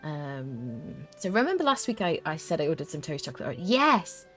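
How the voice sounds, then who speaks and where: A woman's voice: sits low, big pitch swings, moderate pace, soft background music. A young woman streaming a survival game, chatting with her viewers, reading chat aloud and humming little tunes as she plays. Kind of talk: live-stream gameplay commentary.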